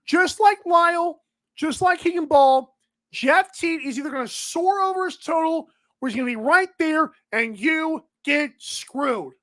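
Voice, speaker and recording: A woman with a high voice hosts a sports betting podcast. She rambles casually through her picks. She often turns to talk straight to the players she is discussing. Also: lively intonation, a little slow, fairly bright tone.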